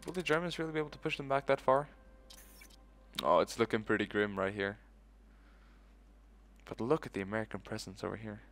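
A man's voice: on the low side, a bit bright. A man giving casual let's-play commentary, thinking aloud in a loose, profane way. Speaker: gaming video host.

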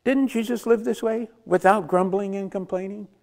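A man's voice: sits high, fairly even intonation, moderate pace, vocal fry. A man preaching a conversational sermon, asking the congregation rhetorical questions and chuckling between points. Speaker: pastor.

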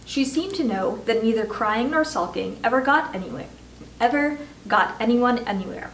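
A woman reading a children's chapter book aloud in a measured way, slowing down for emphasis. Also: a little high, animated. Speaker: volunteer reader. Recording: roomy echo, distant mic, faint noise.

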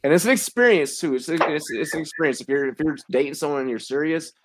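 A man's voice: fairly high pitch, fast talker, background noise. A man hosting a casual podcast chat who laughs often and repeats words while searching for them. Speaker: podcast host.

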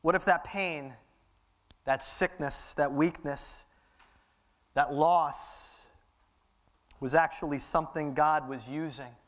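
High-voiced impassioned male preacher. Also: fairly even intonation, slow pace, long pauses, a bit bright. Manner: impassioned, repetitive preaching cadence. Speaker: pastor. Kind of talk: sermon. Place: church sanctuary.

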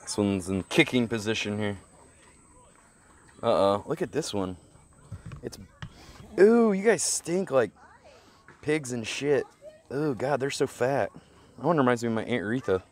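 A man's voice: medium pitch, very animated, a little slow, pauses often, slight background noise. A man live-streaming from an outdoor petting zoo, talking nonstop with crude, joking banter into a handheld mic. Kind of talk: casual live-stream commentary.

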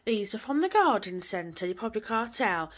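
A woman's voice: medium pitch, very animated, moderate pace. A woman, chatting casually and rambling on in a home vlog from her living room. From England. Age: 20s. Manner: chatty, rambling, swears lightly. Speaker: vlogger.

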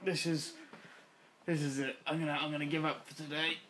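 A young adult playing a life-simulation game and commenting casually, growing exasperated and swearing at the characters, swinging between loud outbursts and tired muttering. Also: medium pitch, level tone, a little fast, a little hiss or hum. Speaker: gaming channel host. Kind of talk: casual let's-play commentary.

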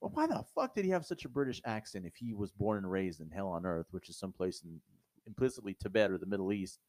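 A man's voice: lowish voice, fast, dry recording. A man co-hosting a movie review show, talking bluntly and profanely in casual, opinionated chat. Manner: blunt, profane, animated ranting.

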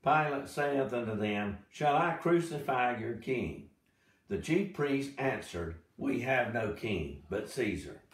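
Guy reading the bible aloud for a study group, slow and expressive, pausing for little notes, roomy echo, mic kinda far. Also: mid-range voice. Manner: slow, dramatic scripture reading with asides. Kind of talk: reading scripture aloud with commentary. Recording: echoey room, mic at a distance.

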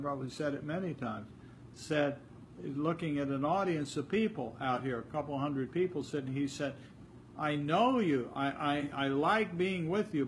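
Older male teacher, slightly high voice, chatty talk with small acted exchanges, faint noise behind. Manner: conversational, repeats words, acts out little dialogues. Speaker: spiritual teacher. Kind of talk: informal spiritual talk.

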